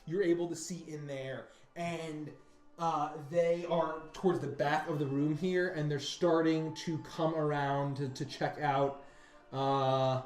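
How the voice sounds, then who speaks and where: A man narrating as game master, animated, breaking into loud sound effects and voices. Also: on the high side, slow pace. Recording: roomy mic with background music. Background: faint music.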